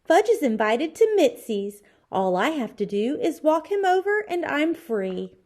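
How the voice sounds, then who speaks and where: A woman's voice: high-pitched, sing-song, unhurried, darkish tone, voice pushed up. A woman voicing a bossy, teasing girl babysitter with a sing-song manner.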